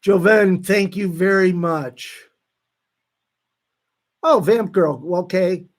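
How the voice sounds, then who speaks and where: A man hosting a live stream, reading out viewer comments in a casual, halting way with frequent restarts. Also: high voice. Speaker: livestream host reading chat.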